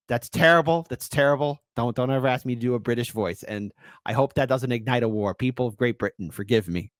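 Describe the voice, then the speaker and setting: A man hosting opinion commentary, animated and indignant, rambling with restarts. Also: mid-range voice, brisk, no echo. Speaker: commentary host.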